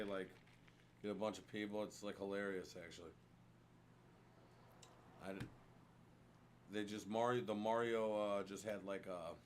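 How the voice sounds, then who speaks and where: On a studio microphone, a man co-hosts a casual podcast chat in a voice on the low side, rambling with many fillers and restarts. Some background noise can be heard.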